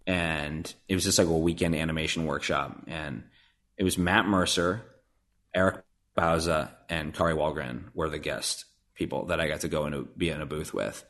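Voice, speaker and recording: A voice actor from Nebraska chats casually as a podcast guest in a steady, slightly bright bass voice at a moderate pace. He rambles and jokes at his own expense, with lots of fillers and restarts.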